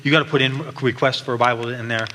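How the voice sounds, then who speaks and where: Guy giving his church testimony, bright voice, big echoey hall, faint hiss behind. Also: mid-range voice, steady tone, racing. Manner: earnest storytelling with frequent restarts. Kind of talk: personal testimony. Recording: long hall reverb, faint background noise.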